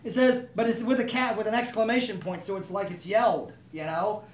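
A man's voice: sits high, steady tone, brisk, slight background noise. A man preaching a sermon, talking conversationally and asking the room to agree with him. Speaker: pastor. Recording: echoey room, voice from a distance.

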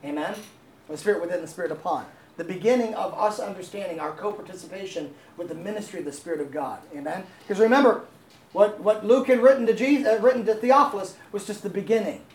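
A woman's voice: medium pitch, fast talker, a little mellow, slight background noise. Woman pastor, casual sermon voice, roomy hall echo with faint ambience. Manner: conversational, asks the congregation questions, laughs easily.

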